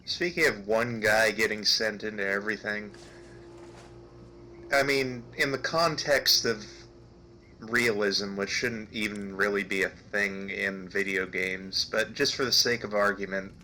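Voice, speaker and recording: A man's voice: lowish voice, a little slow, sharp tone, slight background noise. A young man commenting casually on a video game, hesitant with lots of ums and uhs. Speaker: let's play commentator.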